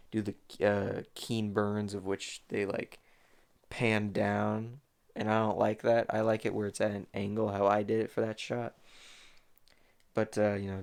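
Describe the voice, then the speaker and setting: A man's voice: on the low side, creaky. A young man giving a casual, rambling commentary on his own fan animation, full of fillers and restarts.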